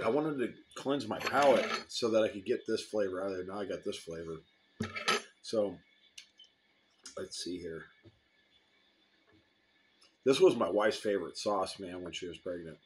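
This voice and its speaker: A man's voice: on the low side, a little hiss or hum. A man casually reviewing hot sauce, rambling between bites and sips. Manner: relaxed, rambling, eating and sipping while talking.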